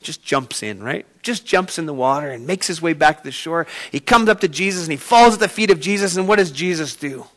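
A man preaching a sermon, retelling a story with sudden swings from quiet to loud. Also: fairly high pitch, animated, brisk, few pauses. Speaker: pastor.

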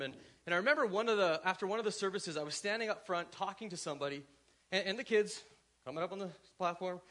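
High-voiced pastor preaching conversationally. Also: male voice, bright, forceful tone. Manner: conversational, asks the congregation questions. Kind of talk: sermon.

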